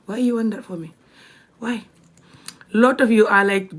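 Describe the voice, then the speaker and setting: On a casual live video, a young woman with a Gambian accent talks bluntly at a moderate pace in a medium-pitched voice. Frequent laughter breaks up her chat, and now and then she lowers to a whisper.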